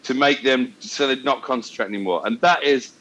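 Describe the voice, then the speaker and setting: A man telling cricket stories on a podcast, animated and lapsing into voices for the people he quotes. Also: medium pitch, fairly quick, poor audio. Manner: animated, slips into voices for anecdotes. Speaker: co-host. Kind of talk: casual podcast storytelling.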